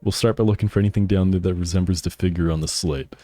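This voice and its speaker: A man's voice: sits low, fairly even intonation, fast talker, mellow, lightly acted. Man doing a theatrical goggled old inventor. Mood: scheming. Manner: theatrical, dramatic reading of game dialogue. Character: eccentric older male researcher with goggles.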